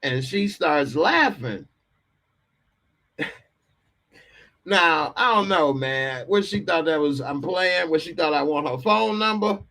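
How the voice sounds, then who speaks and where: A man's voice: fairly high pitch, expressive, slow, pauses often, sharp tone. A man hosting a live call-in podcast, telling a comic story with frequent laughter and acted-out voices. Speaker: podcast host.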